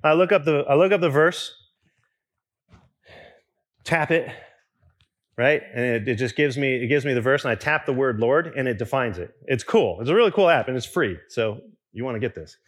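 A young man preaching in a loose, talky way, full of restarts and little asides. His pitch moves a lot as he goes, rising and falling. The tone is mid-height and easy. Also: normal speed, long pauses. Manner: conversational and animated, with restarts and asides. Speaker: pastor. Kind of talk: sermon.

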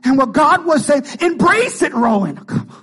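A pastor in his fifties preaching an impassioned sermon, calling out to the congregation and rising into shouts. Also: very high-pitched, big pitch swings, normal speed. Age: 50s. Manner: impassioned, call-and-response preaching.

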